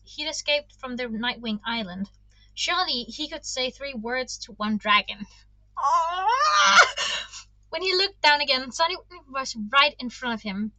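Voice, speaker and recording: A woman streamer reading a book aloud on a livestream, expressive and excitable between passages. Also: high-pitched, dry recording.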